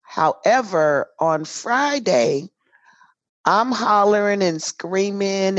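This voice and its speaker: A woman's voice: mid-range voice, lively intonation, slow, dry recording. A woman co-hosting a podcast, telling a story in a casual, emphatic way. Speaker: podcast co-host. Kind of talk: casual chat. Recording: slightly dull lo-fi sound.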